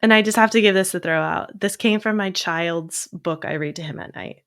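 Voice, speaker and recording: A woman in her thirties hosts a podcast as a therapist, with a lowish voice. She talks in a warm, encouraging way and reads uplifting passages slowly and deliberately. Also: clear, resonant tone. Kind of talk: casual podcast chat.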